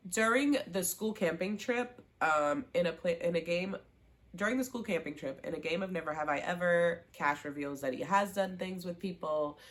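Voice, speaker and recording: A woman recapping a TV season in a casual, animated way, acting out the characters' lines and gushing over favorite scenes. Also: fairly low pitch, normal speed. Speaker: show recap vlogger.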